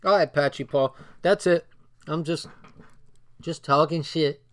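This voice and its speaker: A man's voice: fairly high pitch, a little slow. A man casually reading a book aloud and breaking off into loose, swearing asides. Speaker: book reader and commentator.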